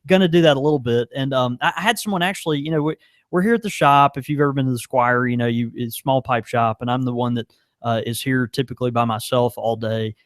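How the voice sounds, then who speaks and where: A man's voice: mid-range voice, fast talker, no room sound, clean studio sound. A man, co-hosting a casual podcast from a small pipe shop, laughing often and tripping over his words. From American South. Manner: laughs often, stumbles and restarts. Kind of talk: casual chat.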